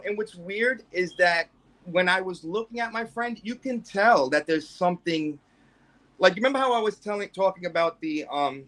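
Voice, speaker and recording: A man's voice: sits high, moderate pace, a bit bright. A man guest telling a personal story in a rambling way, full of fillers and restarts.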